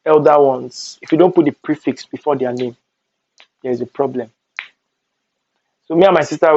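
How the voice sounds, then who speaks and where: A young man with a Nigerian accent telling animated stories in a storytime vlog, slipping into Pidgin asides. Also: on the high side, no room sound, dull audio. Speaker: vlogger.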